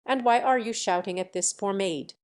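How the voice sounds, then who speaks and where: A woman's voice: mid-range voice, moderate pace, close to an everyday voice. A self-important town bailiff from a fairy tale who puffs up with indignation, as a woman reading the story puts him on. His lines sound pompous and offended. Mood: indignant.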